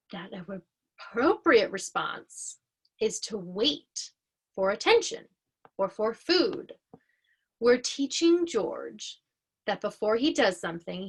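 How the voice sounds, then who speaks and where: A woman educator giving an explanatory lesson in a slow, deliberate, clearly paced way. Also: mid-range voice, a bit bright.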